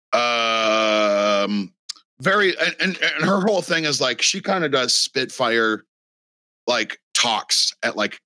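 A man's voice: fairly low pitch, pushed and bright, no room sound. A man talking in a casual podcast chat, rambling and profane with lots of fillers.

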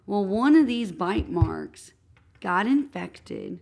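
Woman podcast co-host, gravelly tone, earnest casual storyteller. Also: medium pitch, animated, slow pace, darkish tone. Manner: earnest, retelling events step by step.

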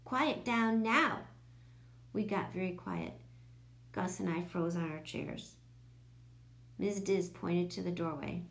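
A woman narrating a children's audiobook in a lively, expressive way. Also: fairly low pitch, unhurried, gravelly, pauses often.

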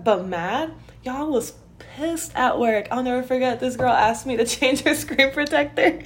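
Podcast host, woman, young adult, from the US; candid storyteller, lively pitch, laughs often. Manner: candid and expressive, laughs often, addresses listeners as y'all and guys.

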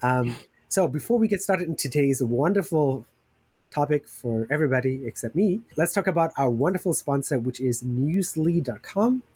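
A man's voice: on the high side, animated, normal speed, a little mellow, husky, no room sound. A man hosting a podcast in casual chat, rambling with enthusiasm and plenty of fillers. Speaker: podcast host.

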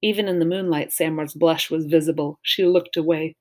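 A woman reading a children's novel aloud to a class, in a calm and measured way. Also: sits low.

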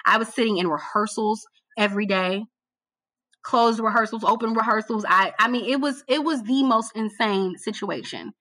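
A woman being interviewed about her work as a TV producer, telling her story in a casual, animated way and repeating phrases for emphasis. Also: on the high side, normal speed, no room sound. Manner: colloquial, addresses listener as girl. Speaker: guest, TV producer.

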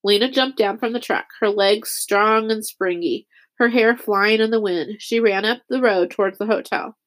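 A woman reading a novel aloud as narrator. She keeps a steady, measured storytelling pace, her voice sitting at a middle pitch. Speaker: audiobook narrator. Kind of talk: scripted narration.

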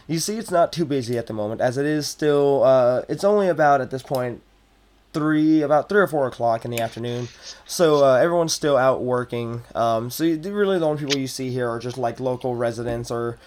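A man's voice: medium pitch, brisk. Young man narrating as game master. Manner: relaxed, loose narration with many fillers.

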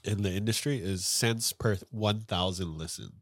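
A man's voice: on the low side, normal speed, no room sound, clean studio sound. A man co-hosting a podcast in casual chat, stuffy-nosed and rambling with lots of "like". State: stuffy nose. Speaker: podcast co-host.

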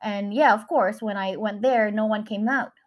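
A middle-aged woman casually telling a story at home, unhurried and hesitant with many fillers. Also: medium pitch, steady tone. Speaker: guest, mother of the host. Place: family home.

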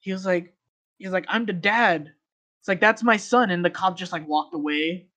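A man's voice: high-pitched, normal speed, bright, forceful tone. Rambling man telling a story. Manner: rambling, filler-heavy storytelling. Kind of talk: casual storytelling chat.

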